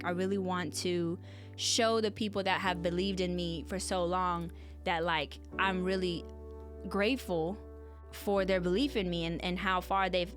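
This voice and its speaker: A woman's voice: fairly low pitch, a bit bright. A woman hosting a podcast, talking earnestly and conversationally and often turning to address her listeners directly. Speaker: podcast host. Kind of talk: reflective solo podcast talk.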